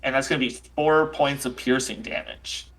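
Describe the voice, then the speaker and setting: A man running a tabletop session, narrating distances and dice results in an offhand, conversational way. His voice is bright and forward, and his pitch sits in the middle range. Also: steady tone, normal speed. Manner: casual, fillers, counting out dice rolls. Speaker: game master.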